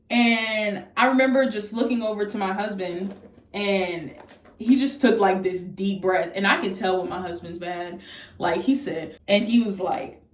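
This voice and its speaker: A woman in her twenties telling a casual storytime vlog, candid and profane, jumping into high-pitched voices when she quotes people. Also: normal speed, recorded from a distance. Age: 20s. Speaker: vlogger. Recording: echoey room, voice off from the mic.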